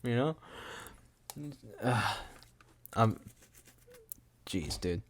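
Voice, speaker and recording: A man's voice: on the low side, expressive, drawn-out words. A young man hosting a solo podcast, rambling and sarcastic, often cutting himself off mid-thought. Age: young adult. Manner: rambling, sarcastic, self-interrupting. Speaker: podcast host. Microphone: studio mic with windscreen.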